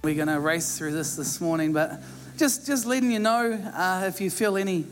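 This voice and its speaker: High-voiced relaxed pastor. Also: male voice, normal speed, faint music behind. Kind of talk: casual sermon opener.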